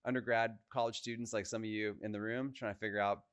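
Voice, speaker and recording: Male co-founder, relaxed storytelling talk, lower voice, dry room. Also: fast, clean tone, no echo. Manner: casual, chatty, lots of "like" and "you know". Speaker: co-founder giving a presentation.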